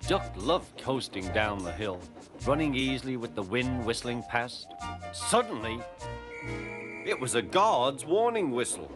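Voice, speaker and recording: Slow, expressive British storyteller. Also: male voice, mid-range voice. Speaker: narrator. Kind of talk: scripted storybook narration. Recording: music playing behind.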